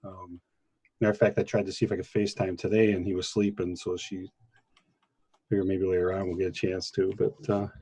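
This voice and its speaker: A man's voice: low voice, little pitch movement, fairly quick, warm tone, breathy edge, no room sound. An older man with a grandchild, chatting easygoing on a video call with his camera off. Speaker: guest on call. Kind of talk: casual chat.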